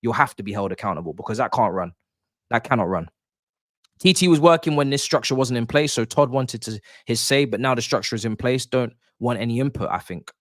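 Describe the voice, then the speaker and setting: A man's voice: mid-range voice, animated, fairly quick, no room sound, clean studio sound. A young man hosting a livestream, ranting in exasperation about his football club, swearing often and repeating himself as he makes his point. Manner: repeats and restarts phrases. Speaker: livestream host. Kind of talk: casual livestream commentary.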